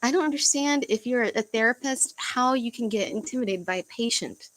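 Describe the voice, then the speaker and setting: A young woman chatting casually on a livestream from home, halting and searching for words, with frequent fillers and sighs. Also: a little high, fairly bright tone, low-quality recording. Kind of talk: casual livestream chat reading comments.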